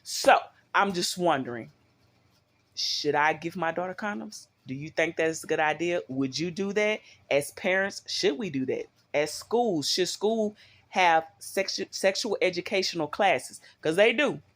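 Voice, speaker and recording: A woman's voice: fairly low pitch, expressive, measured pace. Rambling, chatty middle-aged woman. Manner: rambling, chatty, asks viewers questions. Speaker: vlogger. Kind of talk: casual talk to viewers.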